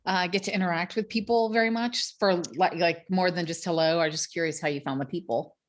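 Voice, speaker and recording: A woman's voice: fairly low pitch, fairly even intonation, a little fast. A woman co-host chatting casually, reflective and fond of "like". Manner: reflective, lots of "like" and encouraging "mm-hmm"s. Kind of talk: casual chat.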